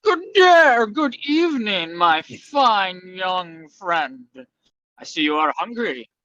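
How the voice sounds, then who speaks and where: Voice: medium pitch, very animated, slow pace, fairly bright tone, no echo, muffled recording. A player voicing his adventurer in a grand, old-fashioned way of speaking. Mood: courtly. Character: courtly, formal adventurer addressing a mouse.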